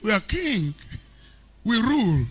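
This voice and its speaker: Husky, bright-voiced preacher. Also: male voice, high-pitched, takes it slowly. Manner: animated preaching, shouting at peaks, mixing in Pidgin. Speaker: pastor. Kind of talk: sermon.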